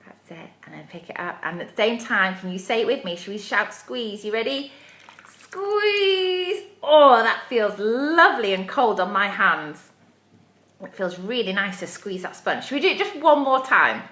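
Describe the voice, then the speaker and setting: A woman's voice: medium pitch, animated, a little fast, few pauses, sharp tone, reverberant. A woman leading a live craft playalong for young children, encouraging and sing-song. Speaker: children's activity leader. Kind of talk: live interactive kids' playalong. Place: home room, livestream.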